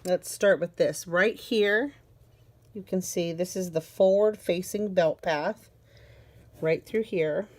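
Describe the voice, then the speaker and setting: A woman's voice: lowish voice, slow pace. A woman giving a casual, enthusiastic product walkthrough as a parent, chatty and repeating words for emphasis. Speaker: parent reviewing a car seat.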